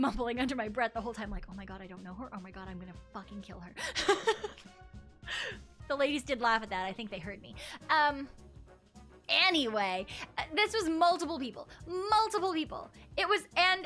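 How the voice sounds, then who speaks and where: High, bright-voiced woman streamer chatting. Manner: rambling, laughing storyteller. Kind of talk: casual chat.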